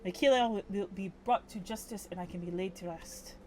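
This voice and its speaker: A woman voicing a dead woman who calmly waits for justice, speaking in a put-on, admittedly poor French accent with a musing, teasing manner. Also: medium pitch, brisk, slight background noise, close to an everyday voice. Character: dead woman awaiting justice, calm and philosophical.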